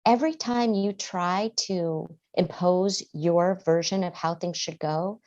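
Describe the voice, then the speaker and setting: Woman therapist on a podcast, a bit low-pitched, muffled lo-fi sound, earnest. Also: fairly even intonation, takes it slowly, darkish tone. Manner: earnest, acts out parent and child voices. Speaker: guest therapist. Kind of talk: podcast interview answers.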